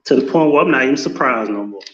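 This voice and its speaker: A man's voice: medium pitch, lively intonation, fast talker, a bit bright. A man hosting a casual live stream from his office, cursing freely and greeting chat viewers as he talks. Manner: profane, loose and talkative, greeting chat viewers. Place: home office. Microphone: without headset, room mic. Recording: echoey room, dull lo-fi sound.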